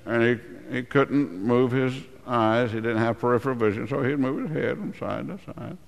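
A preacher man in a reverberant church. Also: normal speed. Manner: dramatic preaching, voices the giant in low taunts; clears throat often. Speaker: pastor. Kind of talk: sermon. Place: church sanctuary. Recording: long hall reverb.

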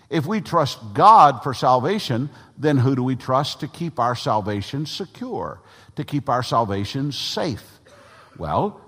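A male pastor preaching a sermon in a church, emphatic, often clearing his throat and leading the congregation to repeat lines after him. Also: medium pitch, a bit bright. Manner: emphatic, leads congregation call-and-response. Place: church sanctuary. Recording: long reverb of a church hall.

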